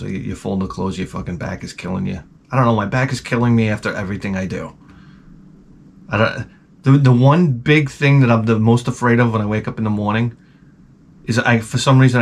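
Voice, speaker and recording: A man hosting his own channel, telling crude, rambling comic stories and breaking into sudden high-pitched outbursts. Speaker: channel host.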